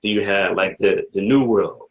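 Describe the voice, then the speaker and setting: A man's voice: on the low side, normal speed, dull audio, a little hiss or hum. A man interviewing an elder in a casual discussion, rambling with many asides before pressing emphatic questions. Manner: rambling, many "you know what I mean" asides, rising to emphatic questions.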